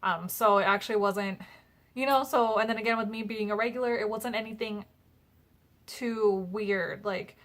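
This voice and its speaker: A woman's voice: medium pitch, steady tone, normal speed, fairly bright tone. A young woman chatting casually in a personal vlog, retelling conversations with lots of fillers. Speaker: vlogger.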